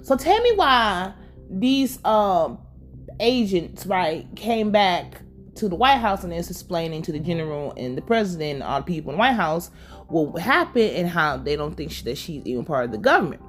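A woman casually recapping a TV episode, animated and profane, laughing as she tells it. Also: fairly low pitch, moderate pace, soft background music. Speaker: show recap vlogger.

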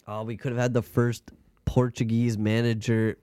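A man's voice: mid-range voice, little pitch movement, moderate pace, dark tone, clear, resonant tone, dry recording. A man co-hosting a podcast, chatting casually about football in a rambling, joking way and swearing freely. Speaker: podcast co-host. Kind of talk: casual sports chat.

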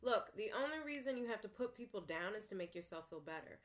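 A woman co-hosting a casual chat podcast, talkative and quick to jump in. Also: mid-range voice, expressive, over a noisy crowd. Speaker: podcast co-host.

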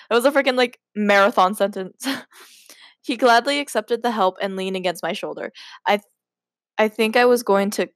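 A woman's voice: medium pitch, moderate pace, no room sound, studio quality. A woman hosting a podcast, reading her old story aloud and breaking in with giggly, self-mocking asides. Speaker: podcast host.

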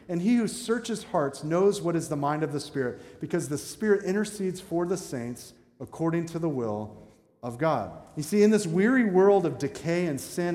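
A man's voice: fairly high pitch, darkish tone. A man preaching a sermon as pastor, telling stories with self-mocking asides and shifting from playful to earnest. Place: church sanctuary. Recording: echoey hall with long reverb.

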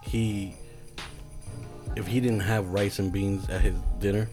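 A man's voice: on the low side, little pitch movement, a little slow, over music. A man co-hosting a podcast, chatting in an easygoing way and asking questions. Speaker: podcast co-host. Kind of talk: casual podcast chat.

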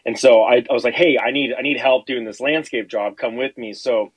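A man on a podcast telling a rambling, profane story in casual chat, animated and acting out the quotes. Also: mid-range voice, fairly quick, slightly rough, dry recording, rough recording. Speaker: podcast guest.

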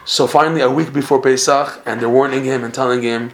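A man tells a Torah story to a class, his delivery animated and full of Hebrew and Yiddish words. His voice sits in a middling range. The room around him rings with echo. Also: medium pitch, fairly quick, hardly any pauses. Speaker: Torah teacher. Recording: echoey room.

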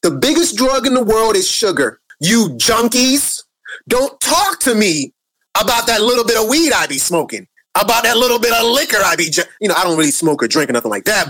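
A man's voice: high voice, fairly bright tone, no echo. A man ranting on a live social media video, preachy and rambling, who keeps calling his viewers family.

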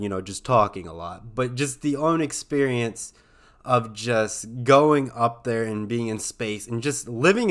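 A man's voice: medium pitch, fairly bright tone. Rambling man with lots of fillers. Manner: rambling, loose with many fillers. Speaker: podcast host. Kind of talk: casual solo talk.

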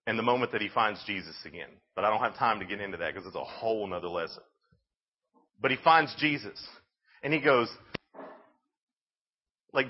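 A man giving a youth sermon, telling the story in an animated, casual way with lots of "like"s. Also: medium pitch, husky, lo-fi sound. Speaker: youth speaker.

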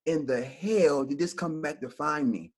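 A man telling a story on a casual podcast, putting on each person's lines as he goes. His voice sits a little high and has a husky edge. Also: a little slow. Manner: animated storyteller who acts out the dialogue. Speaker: podcast co-host, teacher.

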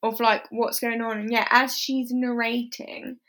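A woman's voice: a little high, little pitch movement, a bit bright. A woman co-hosting a casual chat show, talking easily and laughing often. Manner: chatty, laughs easily, acts out lines in quick asides. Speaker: podcast co-host.

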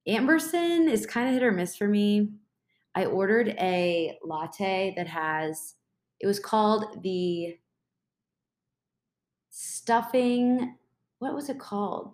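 Young woman hosting a solo podcast, stuffed up and a bit tired, casual and rambling. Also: mid-range voice. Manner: rambling, chatty, with fillers and self-corrections. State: congested, tired. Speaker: podcast host.

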